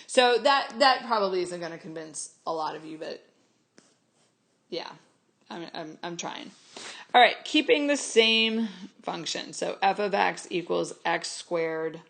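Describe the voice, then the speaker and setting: A woman's voice: on the low side, slow pace, gravelly, a bit bright. A woman math teacher giving a recorded lesson, explaining each step to her students and repeating key points firmly. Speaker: high school math teacher.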